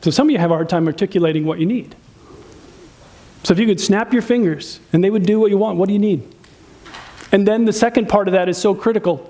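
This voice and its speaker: In a brisk, high-pitched voice that's a little mellow and lively in intonation, a pastor preaches conversationally about relationships. He asks the congregation questions and plays out spouses' complaints with a raised voice.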